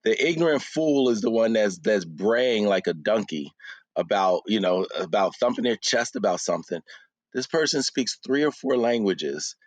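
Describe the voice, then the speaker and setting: A fairly low-voiced man telling stories in easy, casual chat. He talks with lots of "you know" and sounds close and dry, with no room around him. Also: normal speed, dry recording. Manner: animated storyteller, many fillers. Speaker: podcast co-host.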